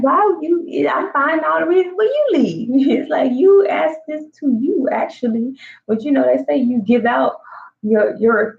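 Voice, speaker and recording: Slow, gravelly woman musing. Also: on the low side, dull audio, slight background noise. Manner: slow, reflective, with frequent fillers and soft laughs. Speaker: vlogger. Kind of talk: candid personal monologue.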